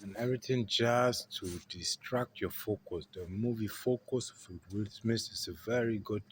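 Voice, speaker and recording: A man with a German accent, talking through a rambling podcast monologue and swinging between loud emphasis and quiet asides. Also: lowish voice, normal speed, a little hiss or hum. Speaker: podcast host. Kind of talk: casual monologue.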